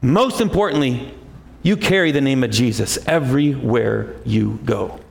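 A man preaching a sermon, emphatic, rising often to a high, forceful pitch. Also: unhurried, gravelly. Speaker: pastor.

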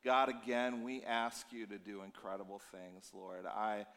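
A man in his fifties preaches in a low voice, sounding tired as he talks. He tells his stories in a loose, conversational way and gets animated in places. His voice rings with the long reverb of a church hall. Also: normal speed. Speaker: pastor. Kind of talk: sermon.

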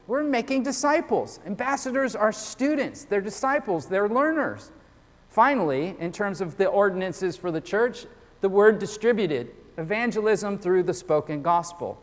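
A man delivers a sermon with an earnest, pressing manner, often stumbling over his openings before pushing on. His voice sits noticeably high for a man. The sound carries a long, lingering reverb of a large church hall. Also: animated, moderate pace. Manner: earnest, repeats words when starting sentences. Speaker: pastor.

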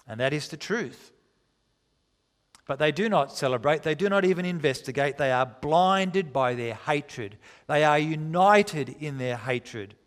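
A man preaching a sermon, reading scripture aloud with dramatic, deliberate pacing and slowing down for emphasis. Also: on the high side, long reverb tail.

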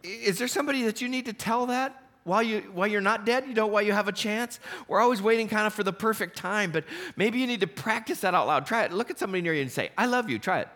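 A man preaching to his congregation, weaving anecdotes and gentle humor into his sermon. His voice sits a little high for a man and rings bright and forward. He laughs often as he tells his stories. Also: fast talker, few pauses. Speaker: pastor. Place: church sanctuary.

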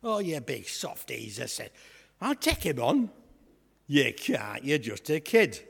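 A man playing a boastful, comic young shepherd lad, chatting and joking with a church congregation in a raspy voice. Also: mid-range voice, sing-song, slow, fairly bright tone, full character voice. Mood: cheeky. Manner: chatty, jokey, asides to the congregation. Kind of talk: comic storytelling sketch in church. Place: church hall. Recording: echoey church hall.

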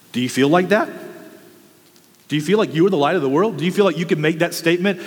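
A man's voice: high-pitched, quick pace, long reverb tail. A man preaching a sermon, working through rhetorical questions with fervent, impassioned delivery. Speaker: pastor.

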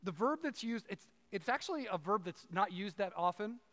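A man's voice: high voice, animated, normal speed, a bit bright. A man preaching a sermon, conversational and chatty, with frequent asides to the congregation. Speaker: pastor. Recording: long hall reverb.

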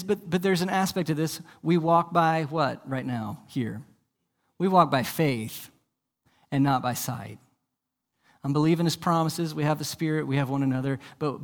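In a church, a male pastor preaches a sermon, posing rhetorical questions and repeating words as he begins his sentences. He swings from soft and low to loud and emphatic, and a long reverb tail follows his voice.

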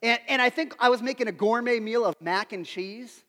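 A man in his thirties delivers a sermon through self-deprecating family stories, often turning questions to his listeners. His voice sits unusually high for a man. A long hall reverb trails behind each phrase. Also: moderate pace, a bit bright. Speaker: pastor.

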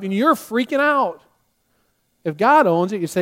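Guy preaching a sermon, pretty high voice, acts out folks' worries in quick little asides. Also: expressive. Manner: repeats key lines for emphasis. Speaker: pastor.

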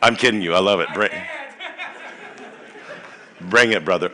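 A young man preaches at a youth rally with a bright, forceful tone that sits a bit low in pitch. He is energetic and playful, leading the crowd in chants, and his voice sounds a little worn. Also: a little slow, long pauses. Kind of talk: sermon with crowd call-and-response.

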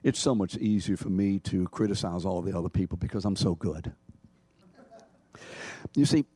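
Emphatic low-voiced male preacher. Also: steady tone, a little fast, husky, no room sound. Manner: emphatic preaching, rising and falling in pitch and loudness. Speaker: pastor. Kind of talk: sermon.

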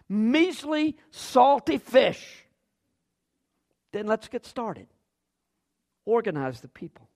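A man's voice: a little high, a little mellow. A man preaching a sermon as pastor, acting out quoted lines with big jumps in his voice.

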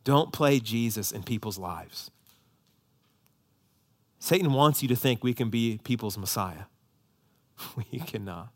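A man in his thirties preaching a sermon as a pastor, swinging between quiet, tender asides and raised, emphatic calls. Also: mid-range voice, big pitch swings, takes it slowly, pauses often.

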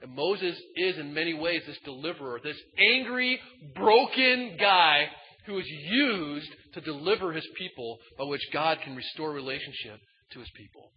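A man preaching a sermon in a casual, folksy way, swinging between loud emphatic bursts and quiet asides. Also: on the high side, moderate pace. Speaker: pastor. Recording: dull sound in a large reverberant hall.

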